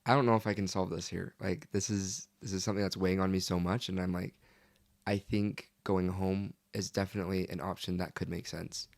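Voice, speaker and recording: A man's voice: low voice, steady tone, fairly quick, gravelly. A young man, a guest on an interview podcast, telling his story earnestly and peppering it with "like". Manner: earnest, leans heavily on "like".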